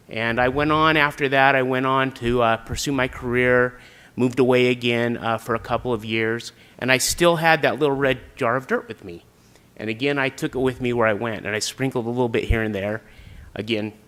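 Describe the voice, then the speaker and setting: A man's voice: mid-range voice, fairly bright tone. A middle-aged man from Utah giving an earnest, prepared personal speech as an applicant for a city council seat, with frequent "uh"s. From Utah, USA. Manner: earnest, with frequent filler sounds.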